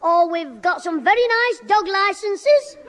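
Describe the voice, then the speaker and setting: A man's voice: very high-pitched, lively intonation, measured pace, fairly bright tone, long reverb tail, heavily acted. A man voicing a cheeky, cash-strapped schoolboy who wisecracks in a 1960s radio sitcom.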